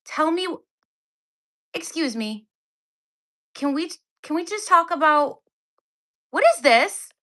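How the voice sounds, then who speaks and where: A woman in her thirties chats through a phone livestream at home with a high, bright voice. She sounds exasperated and keeps up a running sarcastic commentary. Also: expressive, slow, long pauses. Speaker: livestream host. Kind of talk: casual livestream unboxing. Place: home, indoors.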